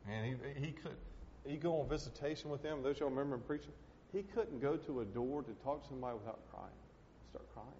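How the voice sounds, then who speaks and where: Brisk and barely pausing, a pastor rolls through a folksy, sincere sermon, leaning on "man" and "hey" on the way to pressing pleas. His voice is mellow and of ordinary pitch, ringing with the lengthy reverb of a church sanctuary. A faint rumble sits under the dull, lo-fi sound.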